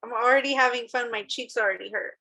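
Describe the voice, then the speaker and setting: A woman from Denver chats as a podcast guest, modest and slightly hesitant as she searches for words. Her voice is high and bright, with a crisp edge. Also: fast. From Denver, Colorado. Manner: warm, modest, a bit hesitant. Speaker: guest, food truck chef. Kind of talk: casual podcast chat.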